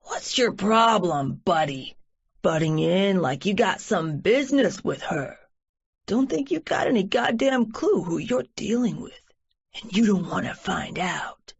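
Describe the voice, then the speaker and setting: A leering, drunken older man slurs his threats in a low, growling drawl, as a woman narrator puts him on. The audiobook delivery stays slow and heavy, and the recording sounds slightly muffled and lo-fi. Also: expressive, gravelly, breathy edge, heavily acted. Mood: threatening. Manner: slurred, menacing, growling. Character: drunk leering older male train creep.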